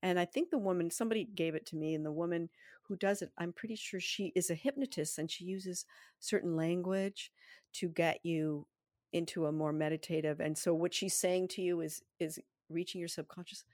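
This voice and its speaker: A middle-aged woman co-hosting a casual chat, animated and joking, laughing often. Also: on the low side, fairly quick, no echo, studio quality. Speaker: podcast co-host.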